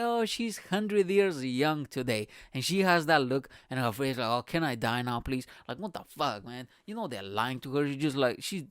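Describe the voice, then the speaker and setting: A man's voice: mid-range voice, no echo, studio quality. A man hosting his own podcast, rambling from tangent to tangent with a joking, heavily profane manner. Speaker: podcast host. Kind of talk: casual solo podcast rambling.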